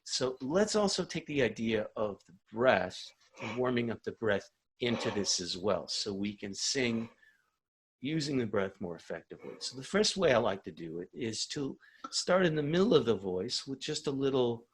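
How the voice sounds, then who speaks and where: A man leading a singing warm-up as a vocal coach, calm and encouraging. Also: medium pitch, moderate pace, a little hiss or hum.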